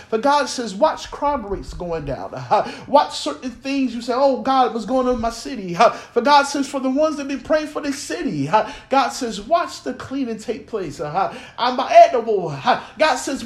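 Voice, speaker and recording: A man delivering a fervent prophetic sermon, speaking in tongues, peppering his lines with "uh" and "huh," and often breaking into laughter. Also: very high-pitched. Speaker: prophetic preacher. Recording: echoey room.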